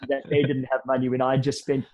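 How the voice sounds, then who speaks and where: A man in his thirties recounts stories as a podcast guest, slipping into easy slang as he goes. His voice is slightly husky and sits at an ordinary middle pitch, and his delivery stays lively and conversational. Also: fast, dull audio. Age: 30s. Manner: lively anecdotal storyteller, casual slang. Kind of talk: storytelling in a podcast interview.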